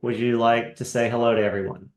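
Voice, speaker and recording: A man hosting a live webinar, demoing software in a casual, halting way with many fillers. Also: mid-range voice, level tone, echoey room. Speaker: webinar host.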